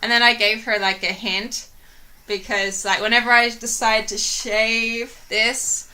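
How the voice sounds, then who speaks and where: Vlogger type: bright, sharp-toned woman, chatty and giggly, rambles with lots of "like". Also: fairly high pitch, flat delivery, unhurried. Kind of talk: casual storytelling.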